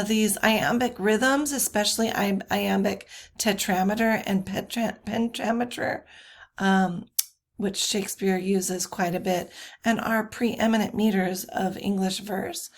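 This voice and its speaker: Woman giving a slide lecture, slow, lots of uhs and ums, fixes herself mid-sentence. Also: mid-range voice, creaky. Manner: slow, many fillers and self-corrections. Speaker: teacher.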